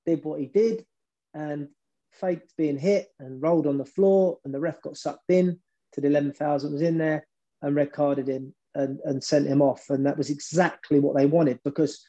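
A man, a former football manager, telling stories in an interview, animated and often repeating words as he builds up a point. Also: on the high side, moderate pace, highs cut off. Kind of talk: storytelling interview.

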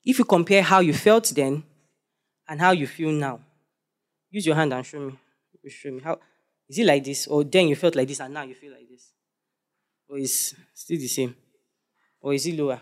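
A young man preaching a sermon, animated and joking as he quizzes the congregation. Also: fairly high pitch, normal speed, long pauses.

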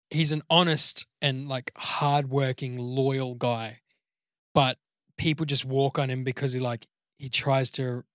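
Animated swearing guy on a podcast pitching a movie idea, mid voice, dry close mic. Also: no echo. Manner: animated, swears freely, acts out lines. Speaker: podcast co-host. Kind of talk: casual chat.

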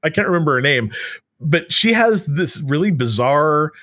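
A man's voice: on the high side, expressive, moderate pace, a bit bright. A man co-hosting a casual chat, rambling with many restarts and fillers. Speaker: podcast co-host.

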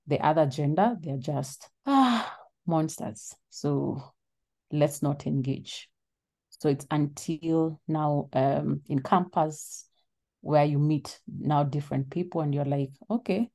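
A woman in her thirties speaks as an interview guest in a low, mellow voice. Her voice is shaky, and her telling is earnest and reflective, at times trailing off mid-thought. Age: 30s. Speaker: interview guest, lawyer and advocate. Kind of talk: personal testimony in an interview.

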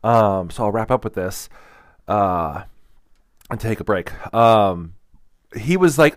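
A man's voice: fairly low pitch, animated, a little slow, pauses often, dry recording. Rambling casual man, dry sound. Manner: rambling, many "like" fillers and restarts; candid, storytelling. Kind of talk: casual teaching talk.

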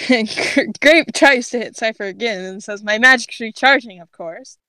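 A woman's voice: on the high side, moderate pace, pushed and bright, no room sound. A young woman on a podcast reading her own old story aloud, giggling and breaking off to comment as she goes. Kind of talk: casual read-aloud with commentary.

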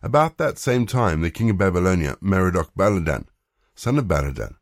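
A man giving a scripted Bible reading with measured, even narration. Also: low-pitched, no echo, clean studio sound. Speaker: scripture reader.

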